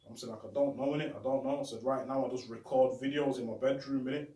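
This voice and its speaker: A man's voice: mid-range voice, steady tone, fast talker, warm tone, distant mic. Young man, host, slang-heavy and repetitive, phone recording in a roomy bedroom set back from the mic. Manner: street slang, repetitive, heartfelt. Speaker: show host. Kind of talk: casual shout-out monologue. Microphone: phone camera.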